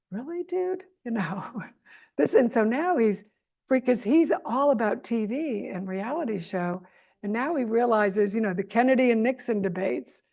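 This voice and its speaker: An American woman answers questions as an interview guest in a fairly high, creaky voice. Her delivery is animated and sarcastic, packed with asides.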